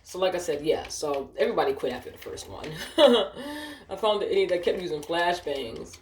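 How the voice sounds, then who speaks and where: A woman's voice: lowish voice, big pitch swings, moderate pace, reverberant, a little hiss or hum. A woman telling a work story while gaming, cursing and ranting, often sidetracked. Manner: profane, ranting, easily distracted.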